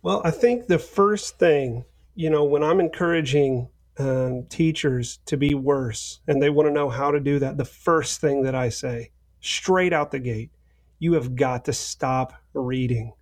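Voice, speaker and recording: A man co-hosting a podcast, giving mock-serious advice in a deadpan way. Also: medium pitch, measured pace. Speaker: podcast co-host. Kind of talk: bantering podcast chat.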